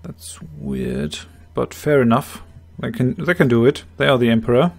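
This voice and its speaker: A man with a slightly hoarse voice calmly explaining his moves, thinking aloud in a strategy game let's play. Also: medium pitch, a little fast. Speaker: game commentator.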